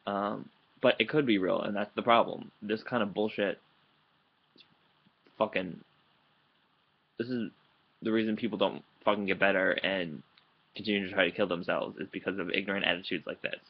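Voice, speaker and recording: A man's voice: lowish voice, fairly even intonation, moderate pace, long pauses, highs cut off. A man ranting angrily into his computer late at night, heated and profane, rambling and restarting his sentences. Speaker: vlogger. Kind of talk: angry vlog rant. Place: indoors at home, late at night. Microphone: computer microphone.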